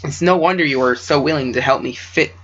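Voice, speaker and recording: A man reading as a gentle pony princess. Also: medium pitch, a little fast, lightly acted. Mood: fond. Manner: fond, formal, stumbling over words. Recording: dull lo-fi home recording.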